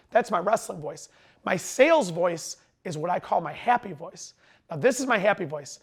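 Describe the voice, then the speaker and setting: A middle-aged man coaching salespeople straight to camera in a high, bright voice. He talks fast and emphatically and sometimes runs his words together, and a tiredness sits under his energy. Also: expressive, husky. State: tired after a long lecture. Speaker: sales trainer. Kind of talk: direct-to-camera sales lesson.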